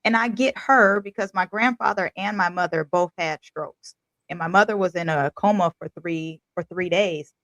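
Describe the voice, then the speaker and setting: A woman hosting an interview, telling a personal story in an animated, expressive, colloquial way. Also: fairly low pitch, moderate pace, no echo. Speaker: host. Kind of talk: conversational interview.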